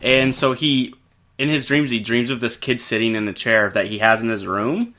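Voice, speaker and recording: A man's voice: medium pitch, moderate pace, bright, forceful tone. A man co-hosting a podcast, telling a ghost story in casual chat, rambling with lots of fillers and swearing. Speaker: podcast co-host.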